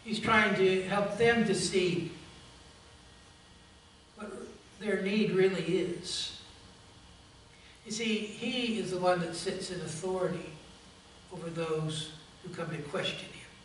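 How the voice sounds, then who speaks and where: A man's voice: high-pitched, takes it slowly, pauses often, a bit bright, slight background noise. A male pastor preaching a sermon emphatically and addressing the congregation directly, recorded in a church sanctuary from a distance. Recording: echoey church from far off.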